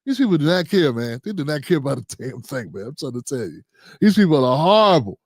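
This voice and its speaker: A middle-aged man reacting to news clips with animated, exasperated rants and frequent swearing. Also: mid-range voice, quick pace, slightly rough, dry recording, clean studio sound. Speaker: political commentary streamer.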